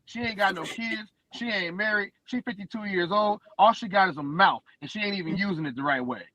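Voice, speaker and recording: Man, brash banter, boastful, mocking, higher pitch, very dry sound. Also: fairly quick, pushed and bright, no echo, rough recording. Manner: boastful, mocking, repeats words. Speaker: podcast co-host. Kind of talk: brash trash-talking banter.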